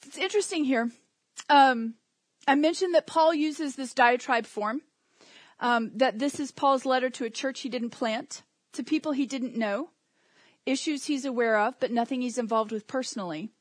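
A woman's voice: sits high, normal speed, no room sound. Conversational woman preaching a sermon. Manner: conversational, with asides and humor.

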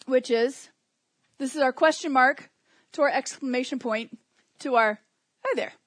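A woman's voice: sits high, a little slow, a bit bright, no room sound. A woman preaching a sermon in a conversational way, with humor and asides.

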